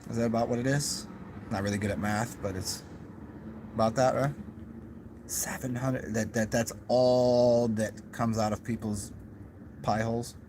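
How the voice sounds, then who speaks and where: Young guy rambling to his cam at home, restarts a lot, mid pitch, faint hum behind. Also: fairly even intonation, a little slow, pauses often. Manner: rambling, musing, many restarts and asides. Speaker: vlogger. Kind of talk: casual rambling monologue.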